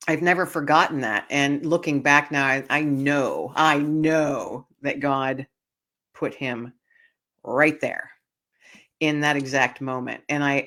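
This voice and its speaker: A woman's voice: a bass voice, fairly bright tone. A woman hosting a podcast, tearful and earnest as she tells a personal story and speaks directly to her listeners. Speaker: podcast host.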